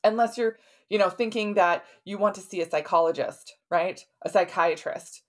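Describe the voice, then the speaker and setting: Speaking at a moderate pace in a medium-pitched voice, a middle-aged podcast host and health practitioner relates a client's story in a relaxed, chatty way. She frequently closes her sentences with "right?".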